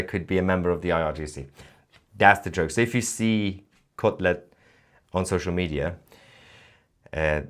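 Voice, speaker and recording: A man hosting a livestream, reading viewer comments aloud and joking between them with frequent laughs. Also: low-pitched. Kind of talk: casual live-stream commentary.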